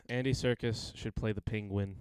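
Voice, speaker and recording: A man's voice: fairly low pitch, steady tone, normal speed, a little mellow, clear, resonant tone, dry recording. A man co-hosting a podcast in casual chat, joking and swearing freely. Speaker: podcast co-host.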